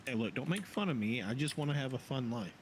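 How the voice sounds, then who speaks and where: A meek, whiny undertone of a man, put on by a streamer, muttering complaints in a hushed mumble. The recording carries a clear layer of hiss behind it. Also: medium pitch, expressive, fast talker, voice pushed down, lightly acted.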